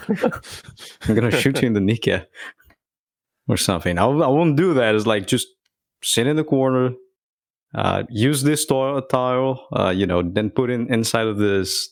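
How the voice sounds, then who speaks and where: A podcast co-host with a lowish voice chats casually at a moderate pace, swearing and restarting often. The studio sound is clean, with no room noise.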